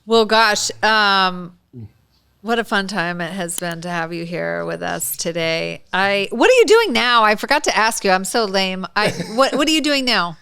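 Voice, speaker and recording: A bubbly woman hosting a podcast, chatting casually and laughing easily. Her voice comes through crisp and clean, with a dry, close studio sound. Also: mid-range voice, expressive, moderate pace, sharp tone, dry recording. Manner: bubbly, laughs often, gushing. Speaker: podcast host. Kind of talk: casual interview chat.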